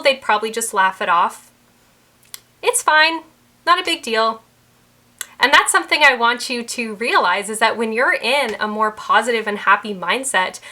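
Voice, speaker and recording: Young female mindset coach, bright tone, earnest and explanatory, talking-head delivery. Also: medium pitch. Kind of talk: talking-head advice video.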